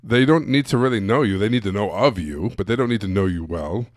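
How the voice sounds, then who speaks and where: A man's voice: on the low side, fairly quick, dry recording, studio quality. A man giving a blunt, casual live-streamed coaching talk to sales coaches, full of emphatic asides.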